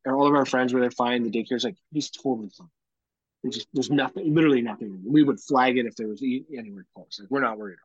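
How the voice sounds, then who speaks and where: A man's voice: medium pitch, fast, few pauses, breathy edge, no room sound, lo-fi sound. A man in his thirties, a podcast co-host, chatting casually and acting out the quotes in his stories. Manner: animated storyteller, acts out quotes. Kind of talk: casual chat.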